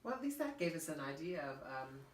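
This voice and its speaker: A woman's voice: low-pitched, very animated, fairly quick, slight background noise. A woman co-hosting a casual, joking chat in an art studio. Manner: playful, joking. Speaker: co-host. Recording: roomy, distant mic.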